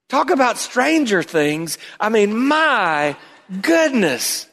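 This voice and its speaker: A man pastor preaching a sermon, swinging from loud emphatic bursts to hushed low asides. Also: very animated, takes it slowly. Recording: long hall reverb.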